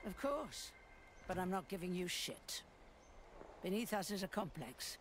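A woman's voice: fairly low pitch, sing-song, measured pace, a little hiss or hum. Granny Xena, a bossy foul-mouthed old woman. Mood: gruff. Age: older. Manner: brash, bossy, swearing.

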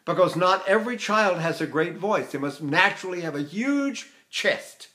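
An older man leads a singing lesson with a high, bright voice. He talks with lively energy and often breaks off to demonstrate sounds. He chuckles readily as he explains technique. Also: normal speed. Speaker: voice teacher.

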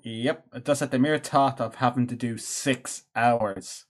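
A man with a Dublin Irish accent joins a casual podcast commentary over an online call. He drops dry, sardonic remarks. His voice sits at an ordinary middle pitch. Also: fairly even intonation, slow pace. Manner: sardonic, wry asides. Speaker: podcast co-host.

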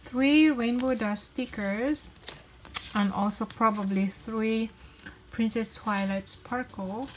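A young woman chats through a toy unboxing at a slow, unhurried pace, giggling and cheering at each small find. Her voice sits fairly high, and loud crinkling of packaging and clicks run behind her throughout. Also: background noise. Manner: chatty, giggly, cheerful exclamations. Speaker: toy unboxing channel host. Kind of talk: casual toy unboxing vlog.

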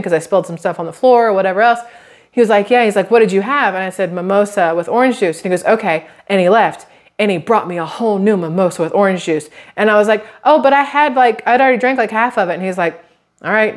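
Addressing her viewers straight on, this woman in her thirties makes a laid-back vlog for her YouTube channel, her drawling voice pitched mid-range for a woman. She's talkative, wanders through her anecdotes, and drops into small quoted voices now and then.

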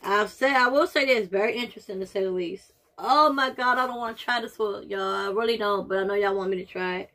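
A woman's voice: mid-range voice, a little fast, hardly any pauses, pushed and bright, slight background noise. A woman doing a casual taste-test vlog, groaning and reacting dramatically as she talks straight to her viewers. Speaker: vlogger.

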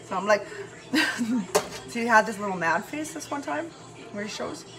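A woman's voice: on the high side, expressive, a little slow. A tired woman vlogging from her bedroom, rambling in a chatty, profane way and laughing often. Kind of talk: rambling casual monologue. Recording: music loud in the background. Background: music playing.

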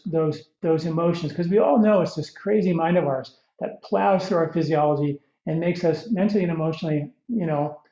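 A man's voice: on the high side, warm tone, reverberant, highs cut off. A man hosting a podcast interview, asking questions in a rambling way and repeating words as he searches for phrasing. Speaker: podcast host. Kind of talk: conversational interview.

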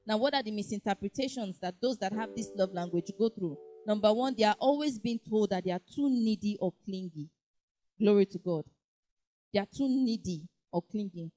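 A woman preaching in a lively way, acting out little dialogues and often saying "praise God". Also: mid-range voice. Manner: animated, acts out dialogue, frequent "praise God". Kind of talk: lively sermon teaching.

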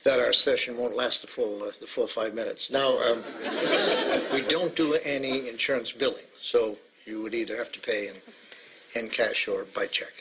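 An actor playing a blunt male therapist in a comedy sketch, speaking in a halting, stammering way. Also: mid-range voice, background noise, lightly acted. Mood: dry.

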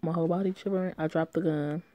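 A woman voicing a despairing, self-blaming young woman in a story game, read flat and low-key. The voice is low and mellow. It sounds dry, close to the mic. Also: fast, no room sound, natural voice. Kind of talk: reading a story game aloud.

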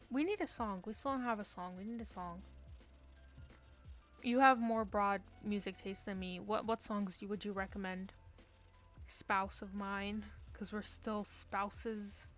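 A woman with a slightly high, somewhat bright voice livestreams gameplay from her bedroom. She jokes around and makes playfully melodramatic pleas to her chat.

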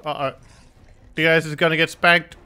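A man commentates a game playthrough in a crude, rowdy way. He taunts the characters and cheers loudly. His voice sits a bit high and sounds bright and forceful. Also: moderate pace. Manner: excitable, cheers and shouts. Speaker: gameplay commentator.

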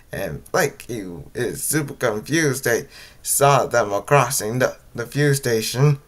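Guy reading his own story real slow, stumbles a lot, bright voice. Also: mid-range voice.

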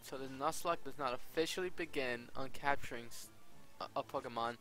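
A man giving casual, excitable gameplay commentary, exclaiming often. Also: mid-range voice, a little fast, soft background music. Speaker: Let's Play gamer.

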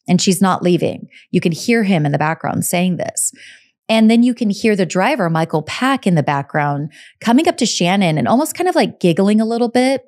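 Woman, podcast host, slightly low voice, casual storytelling, conversational. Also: expressive, moderate pace, darkish tone. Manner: conversational, hedges with personal takes. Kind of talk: casual true crime storytelling.

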